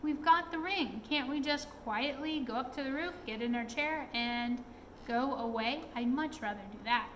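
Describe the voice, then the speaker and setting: A woman's voice: high voice, normal speed, echoey room, in a large hall, slight background noise, close to an everyday voice. A woman voicing an anxious young girl who pleads timidly, in a storybook read-aloud. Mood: pleading.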